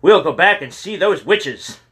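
A bold young boy adventurer, eager and excitable, calling out in a bright, husky voice, as a male reader voices him. He sounds keen for the next dare. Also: fairly low pitch, moderate pace, exaggerated voice. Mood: excited. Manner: shouting, excitable.

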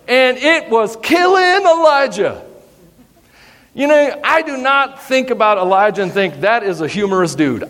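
A male pastor preaching a sermon in an animated, humorous way, teasing his congregation. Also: high-pitched. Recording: long hall reverb.

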